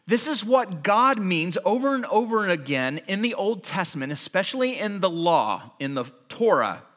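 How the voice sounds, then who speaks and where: A man's voice: sits high, very animated, normal speed, fairly bright tone. A man preaching a sermon as pastor, telling everyday stories and acting them out with animation.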